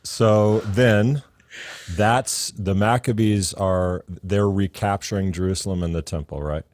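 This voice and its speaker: A man hosting a podcast, chatting casually and reacting with enthusiastic quick affirmations. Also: fairly low pitch, fairly even intonation, darkish tone, dry recording, clean studio sound. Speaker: podcast host.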